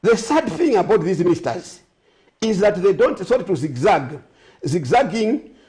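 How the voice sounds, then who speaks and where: High-voiced Zambian man, rambling aside-filled talk. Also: big pitch swings, normal speed, darkish tone. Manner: rambling, self-correcting, sarcastic asides. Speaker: guest. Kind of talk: studio talk show discussion.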